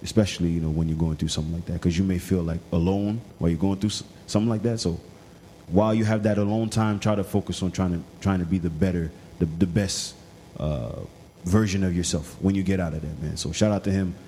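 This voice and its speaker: A man's voice: deep voice, steady tone, quick pace, dark tone, slight background noise. A man co-hosting a podcast, chatting loosely with lots of fillers and restarts. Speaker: podcast co-host. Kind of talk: casual chat. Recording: roomy with long reverb and faint ambience.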